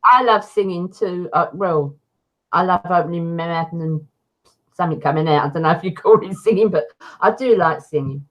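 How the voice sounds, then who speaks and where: A woman in a casual group chat who giggles and reacts with quick exclamations. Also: on the low side, muffled recording.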